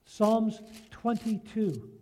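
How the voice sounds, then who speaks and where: A man's voice: sits high, animated, extremely slow, warm tone. A man preaching a sermon, telling a prayer story and reading scripture, earnest and often asking his listeners rhetorical questions.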